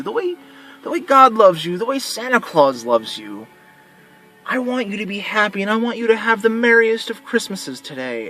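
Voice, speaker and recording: Earnest male vlogger, high-pitched, rambling monologue. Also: fairly bright tone. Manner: earnest and rambling, with repeated restarts. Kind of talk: heartfelt personal vlog monologue.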